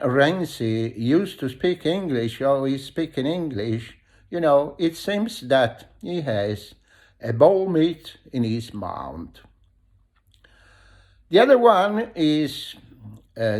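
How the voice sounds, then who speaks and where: A man with an Italian accent hosting a video, telling stories in a casual monologue and often pausing to search for words. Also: mid-range voice, darkish tone. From Italy. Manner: hesitant, searches for words with many ums and restarts. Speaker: video host.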